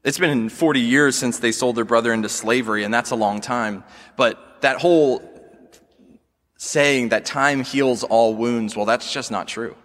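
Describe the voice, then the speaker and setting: A man's voice: mid-range voice, a bit bright. Earnest male pastor in a reverberant hall. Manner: earnest, measured, asks the congregation questions. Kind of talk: sermon.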